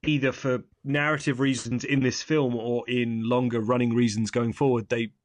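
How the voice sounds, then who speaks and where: A man's voice: mid-range voice, level tone, moderate pace, dry recording. A young man co-hosting a casual film review chat, rambling and correcting himself with wry asides. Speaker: podcast co-host.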